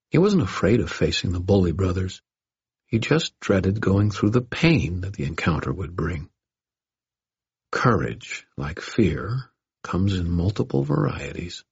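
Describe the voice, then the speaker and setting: A man with a very low, deeply husky voice narrates a first-person story. His delivery is measured and gently wry, and the recording sounds dull and lo-fi. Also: no room sound. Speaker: audiobook narrator.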